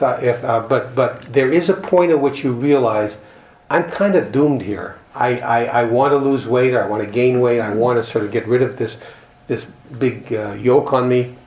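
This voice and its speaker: A man's voice: medium pitch, slight background noise. Earnest man in a roomy hall. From Canada. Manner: earnest, reflective storytelling with wry humor. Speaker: speaker at a recovery group meeting. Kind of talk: personal talk reading from a book.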